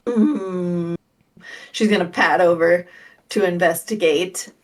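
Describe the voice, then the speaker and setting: A woman playing a tabletop game, calm and practical, thinking out loud about her character's next move. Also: fairly low pitch, takes it slowly. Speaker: player. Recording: voice a bit far from the mic.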